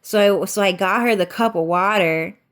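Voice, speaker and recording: A woman with a congested, stuffy voice rambling through a storytime rant at a middling pitch. She swears constantly and strings events together with "and then", circling back and repeating herself. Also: moderate pace, fairly bright tone. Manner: profane, repetitive, chains "and then". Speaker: vlogger.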